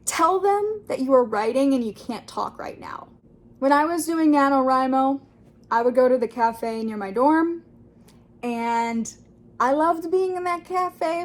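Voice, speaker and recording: A bubbly young woman with a high voice talks straight to camera about her writing. She chats in a lively, friendly way and slips into other people's voices when quoting them. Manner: bubbly, acts out quoted voices. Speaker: writing vlogger. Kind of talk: casual talk to camera.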